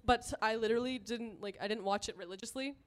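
Giggly woman with a higher voice. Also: quick pace. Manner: giggly, rambling with fillers. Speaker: guest. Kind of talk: casual group chat.

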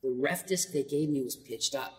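A man who works as a voice actor tells animated stories in a relaxed interview, laughing often. He speaks at a normal pace in a mid-range voice, far from the mic, in a hall with echo and faint noise.

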